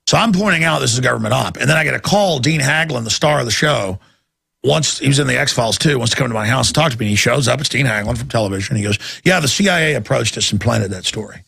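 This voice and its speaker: A man's voice: medium pitch, gravelly, sharp tone, slightly rough, dry recording, clean studio sound. A man hosting a talk show, giving emphatic, rambling, impassioned commentary. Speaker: show host.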